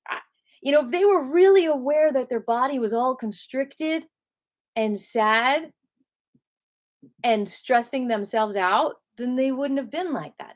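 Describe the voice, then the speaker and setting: A woman's voice: fairly high pitch, lively intonation, moderate pace. A woman teaching qigong in a casual spoken lesson, asking many rhetorical questions and acting out other people's voices with animation.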